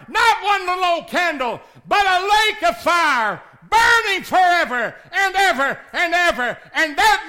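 Fiery preacher in his sixties, very high voice. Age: 60s. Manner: impassioned, swings from shouting to hushed pleading. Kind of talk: revival sermon.

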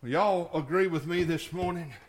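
A middle-aged male pastor preaching a sermon in a church, folksy, moving between quiet storytelling and shouted climaxes. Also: fairly high pitch, normal speed.

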